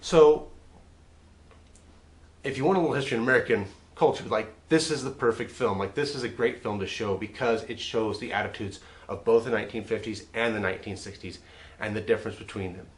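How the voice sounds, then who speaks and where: A man's voice: on the low side, brisk. A man hosting his own film review show, talking through a classic western in a casual, chatty way and often repeating words as he restarts a thought. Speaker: movie reviewer.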